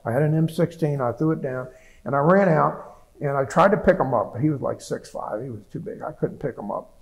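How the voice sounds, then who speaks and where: A man's voice: fairly high pitch, a little fast, vocal fry, poor audio. A man in his seventies, a veteran giving an oral history interview, telling his story plainly with frequent restarts and repeated words. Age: 70s.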